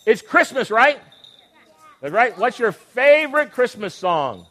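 A man's voice: very high-pitched, very animated, a little slow, pushed and bright. A man leading a children's Christmas program on a church stage, upbeat and coaxing, teasing the kids as he goes. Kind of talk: lively emcee talk to children on a stage.

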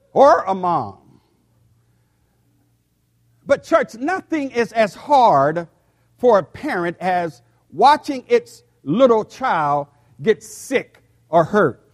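An older male pastor preaching in his sixties, with a high voice for a man. He talks slowly and deliberately, sometimes doubling his words as he addresses the congregation. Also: big pitch swings. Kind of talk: sermon.

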